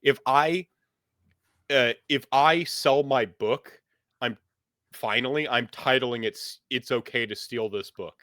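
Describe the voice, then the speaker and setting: A man's voice: medium pitch, slow, a bit bright, no echo, clean studio sound. A man as game master, chatting in a rambling way with many fillers, then narrating a scene. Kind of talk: casual chat and game narration.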